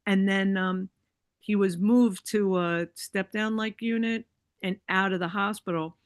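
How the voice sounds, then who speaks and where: A woman's voice: mid-range voice, fairly even intonation, measured pace, no room sound. A woman chatting as a podcast guest, telling a long personal story full of likes and you-knows and acting out what people said. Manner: chatty, many likes and you-knows, acts out quoted voices. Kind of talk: casual storytelling chat.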